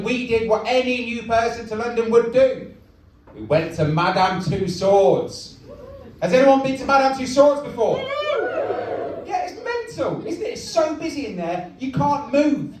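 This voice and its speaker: A young man doing a stand-up comedy set in a comedy club, deadpan and self-mocking. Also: very high-pitched, slight background noise. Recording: echoey club from far off.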